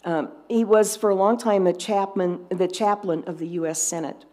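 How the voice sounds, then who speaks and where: A woman's voice: mid-range voice, steady tone, normal speed, mellow. A woman lay presenter giving a sermon full of jokes, telling them dryly and unhurriedly with small restarts. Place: congregation fellowship service.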